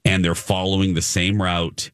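A man's voice: sits low, little pitch movement, normal speed, a bit bright, dry recording, studio quality. A man hosting a talk show, chatting casually and acting out quotes as he tells a story. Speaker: radio show host. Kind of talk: casual chat.

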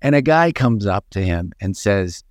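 A man co-hosting a casual chat, telling anecdotes in an animated storytelling manner. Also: lowish voice, normal speed, dry recording, studio quality. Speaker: podcast co-host.

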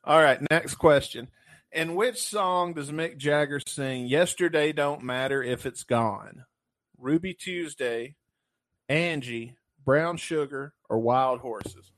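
A man co-hosting a casual chat, reading trivia questions and joking crudely with lots of swearing. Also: on the high side. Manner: crude, loud and jokey, with profanity; reads trivia questions out slowly. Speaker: podcast co-host.

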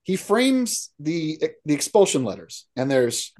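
Casting: male co-host, slightly higher voice, loose joking chat. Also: sing-song, a little slow, a little mellow. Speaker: podcast co-host. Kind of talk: casual chat.

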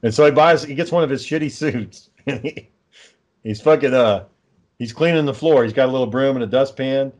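A man's voice: medium pitch, a little fast. A man hosting a podcast, telling a long story in casual chat, swearing often and sounding exasperated. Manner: profane, exasperated, lively storyteller. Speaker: podcast host.

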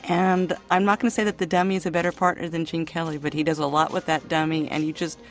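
A woman film critic on a radio panel, speaking fondly and a little haltingly. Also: deep voice, level tone, faint music behind. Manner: warm, gushing, a little halting.

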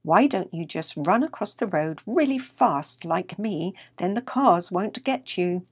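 A woman voicing a tiny, restless grey male mouse with a quick, squeaky manner in a storybook. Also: animated, breathy edge, no echo, clean studio sound, exaggerated voice. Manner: quick, squeaky, a bit higher.

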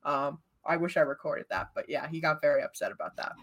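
A woman's voice: sits low, lively intonation, brisk, a bit bright, dull audio. A woman co-hosting a casual sports podcast, blunt and heated in her opinions. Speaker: podcast co-host.

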